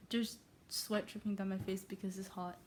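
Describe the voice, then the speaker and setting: A woman's voice: mid-range voice, level tone, normal speed, slight background noise. A young woman who is not a native English speaker, reading aloud casually and breaking off to mock herself. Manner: self-interrupting, self-mocking asides. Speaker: reader.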